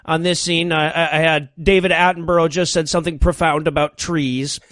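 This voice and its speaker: Guy with a pretty high voice, dry close mic, sarcastic movie roast chat. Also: steady tone, fairly bright tone, no echo. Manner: sarcastic, quick to laugh, slips into silly voices. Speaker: podcast co-host. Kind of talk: comedic movie-riffing chat.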